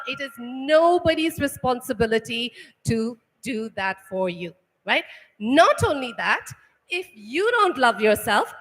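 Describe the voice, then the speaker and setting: A woman's voice: high voice, fairly bright tone. A woman giving a motivational talk to students, firing off rhetorical questions and checking in with "right?" after each point. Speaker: workshop speaker. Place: large hall. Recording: echoey hall.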